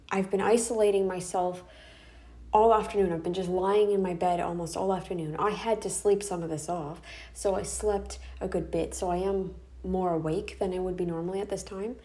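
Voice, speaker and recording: Woman, vlog rant, bedroom, exhausted and tearful, mellow voice, halting delivery. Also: fairly low pitch, fairly even intonation. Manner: upset, venting, with restarts and sighs. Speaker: vlogger. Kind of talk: emotional personal vlog rant. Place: bedroom, indoors.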